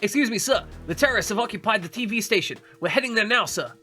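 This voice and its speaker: A young soldier barks a clipped, urgent report in a voice pitched well up and pushed loud, as a man puts him on. The tone is bright and tense, with faint music behind. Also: lively intonation, fast talker.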